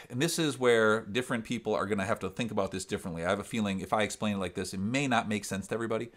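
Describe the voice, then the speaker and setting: Resonant upper Midwest man teaching singing. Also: medium pitch. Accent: upper Midwest American. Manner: explains step by step, breaks into sung demonstrations. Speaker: singer and vocal coach. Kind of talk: vocal lesson, explaining and demonstrating.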